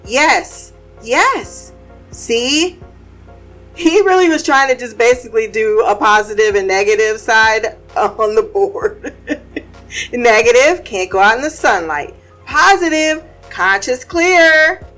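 A woman recaps a show in a relaxed, unhurried voice that sits a bit high. She is animated and laughs easily. Faint music plays underneath her. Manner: animated, laughing, acts out quotes. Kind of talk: casual podcast recap.

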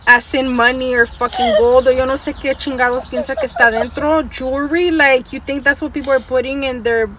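Animated high-voiced woman, casual storytelling. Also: brisk, slight background noise. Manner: code-switching between English and Spanish, swearing freely; animated, laughing as she tells it. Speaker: podcast co-host.

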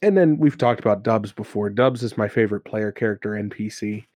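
A man co-hosting a casual chat about tabletop games, an animated storyteller who laughs often and acts out characters. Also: on the low side, brisk, no room sound, clean studio sound. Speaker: podcast co-host and game master.

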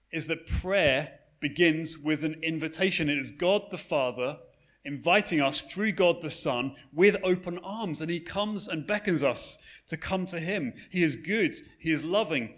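A male pastor giving a sermon, telling a story in a relaxed, conversational way. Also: a little high. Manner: conversational storytelling with frequent fillers and restarts.

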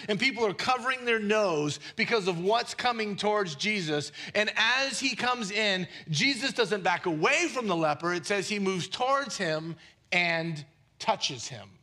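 A man preaching a sermon as pastor, animated and conversational, with quick asides and jokes. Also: high-pitched.

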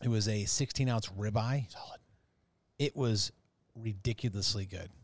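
A man's voice: fairly low pitch, moderate pace, no echo. A man co-hosting a casual podcast, upbeat and enthusiastic as he describes a good night out. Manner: upbeat, enthusiastic, protests jokingly. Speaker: podcast co-host. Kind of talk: casual chat.

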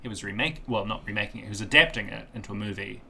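A young man co-hosts a film podcast in a relaxed, joking way. His voice is bright and has a gravelly rasp, and he likes to turn to the listener with mock-dramatic asides. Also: fairly low pitch, rapid-fire, a little hiss or hum. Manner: playful, theatrical asides to the listener. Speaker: podcast co-host. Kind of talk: casual chat.

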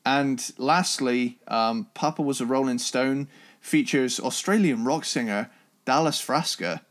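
A man's voice: mid-range voice, measured pace. A man co-hosting a casual music review chat, enthusiastic and rambling, with restarts and the odd swear. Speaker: podcast co-host.

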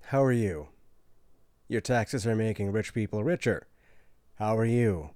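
A man delivering a sarcastic comedy monologue, swinging between loud outbursts and hushed asides. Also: mid-range voice, no echo, studio quality.

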